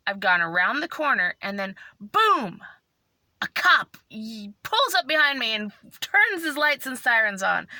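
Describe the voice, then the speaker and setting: A woman vlogger telling a story in a casual, animated way, tearful and emotional. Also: mid-range voice, normal speed, creaky, no room sound.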